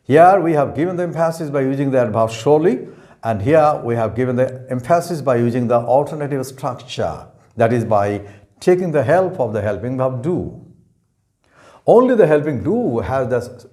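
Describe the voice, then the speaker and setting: A man's voice: mid-range voice, animated, normal speed, warm tone. A man teaching an English grammar lesson, speaking carefully and repeating each example sentence. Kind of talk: slow explanatory lesson.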